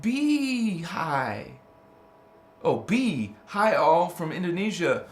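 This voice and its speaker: A man with a notably high voice hosts a casual spiritual livestream from an indoor room, chatty and emphatic. He calls his listeners honey and baby, laughs often and reads their chat aloud. The sound is roomy, with a clear echo around him. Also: big pitch swings, drawn-out words.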